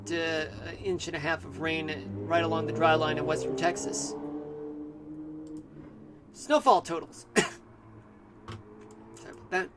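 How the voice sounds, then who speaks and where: High-voiced man giving a halting weather report. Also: fairly bright tone. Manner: halting, full of fillers and restarts. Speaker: streamer. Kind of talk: amateur weather forecast.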